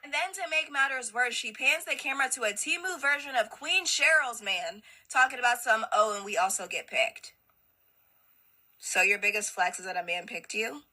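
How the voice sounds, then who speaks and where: A woman's voice: high-pitched, lively intonation, fairly quick, hardly any pauses, sharp tone, poor audio. A woman hosting a reaction commentary video, roasting clips with sarcastic quips.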